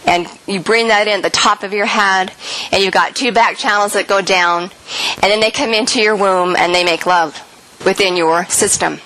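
A woman's voice: medium pitch, normal speed, low-quality recording. A middle-aged woman, an author, giving an earnest spiritual talk to an audience and telling stories animatedly. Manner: earnest, animated storytelling, acts out quoted voices. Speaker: speaker and author.

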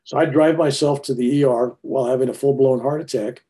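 A man in his seventies telling a personal story in a rambling, animated way, often restarting his sentences. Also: mid-range voice, fairly quick. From United States.

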